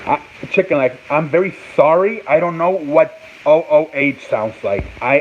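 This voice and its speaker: A man's voice: fairly high pitch, normal speed. Rambling, foul-mouthed man on a tinny line. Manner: rambling, profane, sounds out words over and over. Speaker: host of a sports talk show. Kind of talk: casual live-stream chat. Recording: tinny phone-like sound with faint noise.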